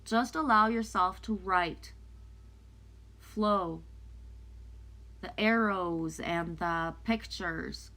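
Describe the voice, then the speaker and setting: Chatty lower-voiced woman reading oracle cards. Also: extremely slow, long pauses, sharp tone. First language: French. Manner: chatty, loose, talks back to viewers' comments. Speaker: oracle card reader. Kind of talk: casual live-stream card reading.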